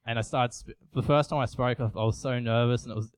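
A man's voice: mid-range voice, steady tone, quick pace, clean tone, no room sound. A young man, giving an earnest, confessional sermon with frequent restarts. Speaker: youth preacher. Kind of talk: personal sermon.

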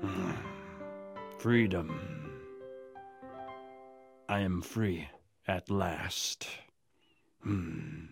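An actor playing a weary, desperate ex-convict man who talks slowly, with pleading sighs, in a storybook radio drama. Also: sits low, gravelly, faint music behind, full character voice. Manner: slow, pleading, sighing.

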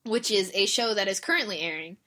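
A woman's voice: medium pitch, fairly quick. A woman co-hosting a podcast, chatting casually and telling stories with lots of laughter. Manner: animated storytelling, acts out characters with laughs. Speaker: podcast co-host. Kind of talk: casual chat.

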